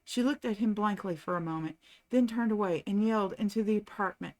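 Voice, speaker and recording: A woman reads a novel aloud, narrating at a calm, steady pace with the even, clear delivery of a bedtime reading. Her voice sits in a middle range, neither high nor low. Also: fairly quick. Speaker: channel host reading aloud.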